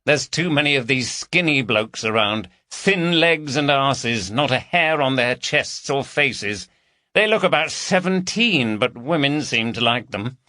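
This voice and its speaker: A man's voice: medium pitch, lively intonation, unhurried, pushed and bright, no room sound, pitched above the performer's own voice. A man voicing a raucous, cheeky lad from London, full of banter. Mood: teasing.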